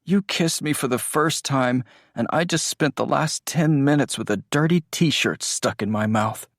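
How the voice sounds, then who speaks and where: Man doing a joking, tender young guy, audiobook dialogue: voice lifted a few notes, slow pace. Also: mid-range voice, a bit bright, no room sound, clean studio sound, voice pushed up. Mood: flustered. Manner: playful, joking.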